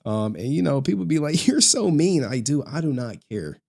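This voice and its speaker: A man's voice: mid-range voice, very animated, a little fast, gravelly, dark tone. A young man ranting on a livestream, profane and mocking, often breaking into laughter. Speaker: streamer. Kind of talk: livestream rant.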